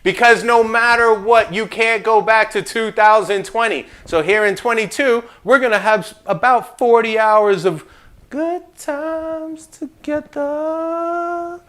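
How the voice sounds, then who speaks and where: A man teaching an insurance licensing class in a casual, joking way, with animated asides and playful trash talk. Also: high-pitched, normal speed, hardly any pauses, clear, resonant tone.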